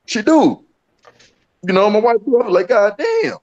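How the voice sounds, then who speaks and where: A man from Chicago chats in casual podcast banter, his high voice leaping up and down as he laughs and swears. The sound is dull and lo-fi, like a web call. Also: normal speed. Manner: animated, laughing, swears freely.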